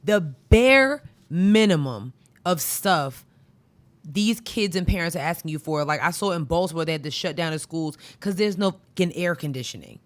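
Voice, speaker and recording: A woman's voice: low voice, fast, few pauses. A woman co-hosting a podcast in casual chat, talking in a reflective, conversational way and pressing hard on key points. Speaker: podcast co-host.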